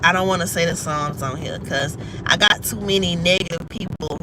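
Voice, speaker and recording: Chatty woman streaming over loud car noise. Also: lowish voice, normal speed. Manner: chatty, emphatic, swears freely. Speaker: livestream host. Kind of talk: casual storytelling to viewers.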